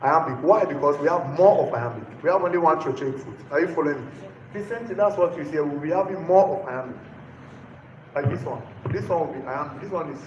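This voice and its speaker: A man lecturing a class, his voice sitting fairly high as he repeats each point and stops to ask whether everyone is following. The sound is roomy and echoey, with a faint hum of noise underneath. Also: animated, fairly quick. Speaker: teacher.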